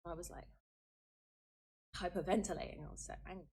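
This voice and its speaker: A woman's voice: on the low side, fairly even intonation, fairly quick, dark tone, breathy edge. A woman telling her own experience in an interview, earnest, with fillers and rising intensity, from an archived clip. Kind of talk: personal account in an interview.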